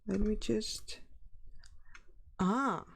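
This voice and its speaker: German lady streamer, mid-pitched, takes her time, casual chatty talk. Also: extremely slow, gravelly, slightly rough. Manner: chatty, searching for words. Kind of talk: casual livestream chat.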